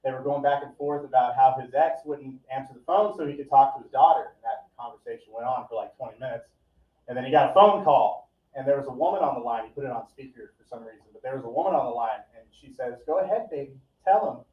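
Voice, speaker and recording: Guy doing standup, rambly and deadpan, swears a lot, echoey far-off dull club sound. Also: mid-range voice, quick pace. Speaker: stand-up comedian. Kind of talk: stand-up set. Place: live comedy event. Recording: echoey, distant, dull live recording.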